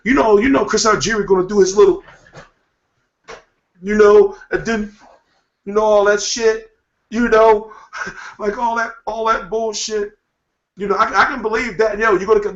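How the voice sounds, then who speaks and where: A man hosting a boxing talk show, giving a rambling, profane, animated rant in casual commentary. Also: sits high. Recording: echoey room, dull lo-fi sound.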